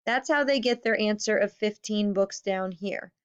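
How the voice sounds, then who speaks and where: A woman teaching a recorded math lesson to fifth graders, patient, stressing key words and counting slowly. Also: medium pitch, smooth. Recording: slightly dull lo-fi audio.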